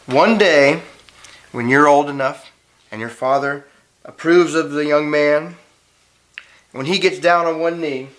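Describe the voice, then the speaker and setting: Playful dad telling a dramatic lesson. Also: male voice, a little high, unhurried, long pauses, fairly bright tone. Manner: dramatic, playful, builds suspense. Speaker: homeschool teacher and father. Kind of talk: storytelling lesson.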